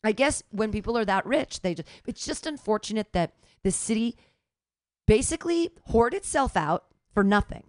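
A woman co-hosting a podcast, telling stories in a lively, indignant way. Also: on the high side, normal speed, no room sound, clean studio sound. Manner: animated, indignant storytelling. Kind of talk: casual chat.

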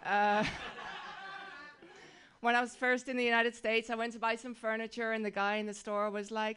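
A woman from the Netherlands with a Dutch accent, performing a wry, deadpan stand-up set on a club stage and laughing at her own jokes. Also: a little high, measured pace, smooth. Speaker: stand-up comedian.

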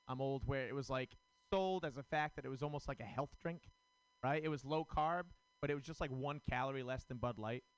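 A male stand-up comic rambling through a self-deprecating bit. His voice sits a little high for a man, and it is picked up close and dry. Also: no echo, poor audio. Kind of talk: stand-up set. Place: comedy club stage.

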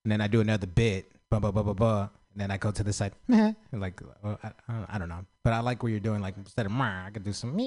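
A man's voice: fairly low pitch, lively intonation, quick pace, few pauses, a little mellow. A man doing open mic stand-up, stammering and pleading with the crowd for suggestions. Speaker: stand-up comedian.

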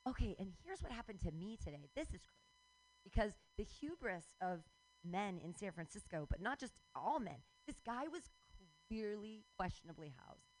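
Lady in her 40s doing a radio show, ranty and sweary, laughs a lot, mid pitch. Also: poor audio. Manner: animated, swearing, laughs often. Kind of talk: casual ranting monologue.

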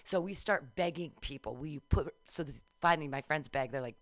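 A woman with a low voice chats on a radio show and tells a story with lively energy, jumping into a high squeak whenever she quotes herself. The studio sound is close and dry. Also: fairly quick, dry recording. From Southern California. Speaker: radio co-host. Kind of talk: casual radio chat, storytelling.

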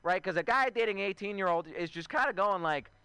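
A man's voice: high voice, lively intonation, quick pace, sharp tone, clear, resonant tone, dry recording. A man in his twenties performing a stand-up comedy set, chatty and self-mocking, riffing with asides to the crowd. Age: 20s. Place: outdoor show.

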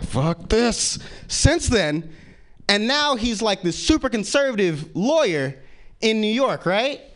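A man doing a stand-up comedy set, profane and animated, jumping into quick character bits. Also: sits high.

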